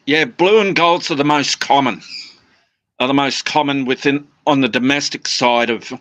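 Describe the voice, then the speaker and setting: A man's voice: mid-range voice, normal speed, fairly bright tone, dry recording. Rambling man chatting over a phone. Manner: rambling, restarts, mimics his birds' phrases. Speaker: guest parrot keeper. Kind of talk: casual chat.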